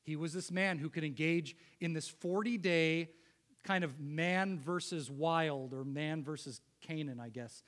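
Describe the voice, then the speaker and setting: A man preaches in a high, ringing voice. He presses his points emphatically, swelling loud and then sinking low and quiet. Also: unhurried. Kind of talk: sermon.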